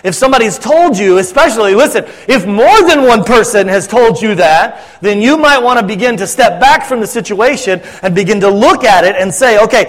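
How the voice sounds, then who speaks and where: A pastor delivering a sermon in a loose, conversational way, teasing his congregation and checking they're listening. His voice sits high for a man. The sound rings with a long hall reverb. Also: lively intonation, a little fast, hardly any pauses. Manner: conversational, joking, addresses congregation directly.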